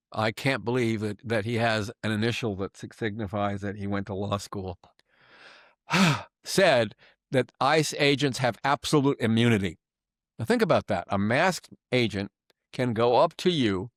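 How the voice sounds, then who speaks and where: A man's voice: mid-range voice, no echo, studio quality. An older man delivering an angry, sarcastic political commentary monologue, emphatic and heated.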